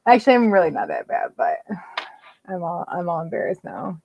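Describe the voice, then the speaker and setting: A woman's voice: lowish voice, very animated, fairly quick, creaky, darkish tone, a little hiss or hum. A woman co-hosting a casual stream show, giggly and crude in her jokes. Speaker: show co-host. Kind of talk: casual live-stream chat. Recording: dull dry audio.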